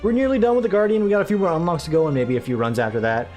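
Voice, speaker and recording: A man's voice: on the high side, rapid-fire, darkish tone, faint music behind. A man giving casual, rambling gameplay commentary full of sarcastic asides. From United States. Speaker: let's play gamer.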